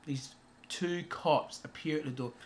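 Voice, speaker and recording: A man giving a casual, rambling movie review, swearing freely and filling pauses with um and uh. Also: a little high.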